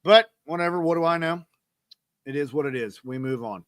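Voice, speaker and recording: A man's voice: on the high side, a little fast, dry recording, studio quality. A man, hosting a podcast and telling rambling, self-deprecating stories in a casual monologue. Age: 30s. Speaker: podcast host.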